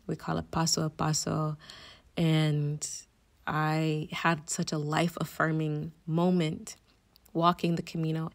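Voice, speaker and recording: A woman guest on a podcast, telling a personal story in an animated way, often laughing and acting out her own reactions. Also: fairly low pitch.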